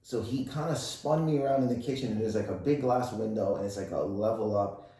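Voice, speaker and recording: A lower-voiced man from Canada tells a wild story as a guest comedian, swearing freely and laughing through it. He sounds set back from the mic in a very echoey room. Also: a little fast, warm tone. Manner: profane, rambling anecdote with laughter. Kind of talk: casual podcast storytelling. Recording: roomy, distant mic.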